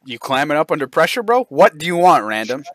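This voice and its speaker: A man's voice: fairly high pitch, big pitch swings, fairly quick, fairly bright tone, no room sound, studio quality. A man hosting a heated voice chat, aggressive and mocking, cutting in constantly and berating the people he talks to. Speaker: Discord server host. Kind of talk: heated voice-chat trash talk.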